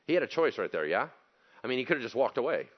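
Male pastor, conversational sermon, animated, joking, dull recording. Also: mid-range voice, fast talker. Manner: animated, joking, acts out quotes.

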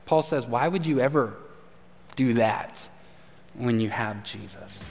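A man preaching a sermon as pastor, telling a story in a conversational way and dropping low and quiet for emphasis. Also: a little slow, long reverb tail, faint music behind. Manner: conversational storytelling, animated shifts, drops low and quiet at key points. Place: church sanctuary.

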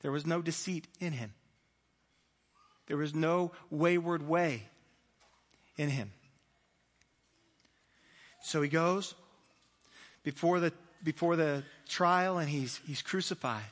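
A man preaching a sermon, telling the story in an animated way with playful asides and voiced characters. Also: on the high side, slow pace, long pauses, in a large hall. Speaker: pastor.

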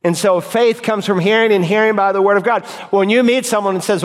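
A pastor giving an emphatic sermon, his voice swinging between loud high calls and low quiet lines. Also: lively intonation, fairly quick. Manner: emphatic preaching with sharp swings in pitch and loudness. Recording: long hall reverb.

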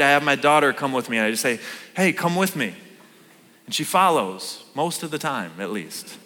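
A man in his thirties preaches in a casual, animated style and keeps asking the congregation questions. His voice is bright and forceful. It carries a long reverb from a church auditorium. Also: medium pitch. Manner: conversational, animated, asks the room questions. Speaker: pastor. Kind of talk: sermon.

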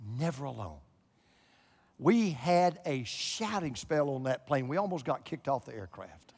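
A pastor in his sixties preaching a sermon to a church, swinging from loud exclamations to hushed low tones. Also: expressive, moderate pace, creaky, breathy edge. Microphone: broadcast camera recording. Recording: long hall reverb.

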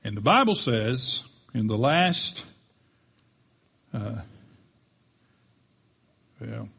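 Husky-voiced man preaching with animated storytelling. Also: mid-range voice, extremely slow. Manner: storytelling, animated, acts out quoted lines. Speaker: pastor. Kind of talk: sermon.

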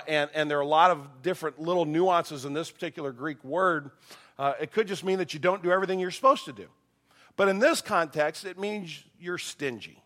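A middle-aged man preaching a sermon, his voice a bit strained, animated and acting out quoted voices. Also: fairly high pitch. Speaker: pastor.

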